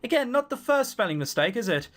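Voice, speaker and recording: Man, let's play host, reading visual novel, sarcastic, swearing, coughing, high lively voice. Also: fast talker. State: has a cough.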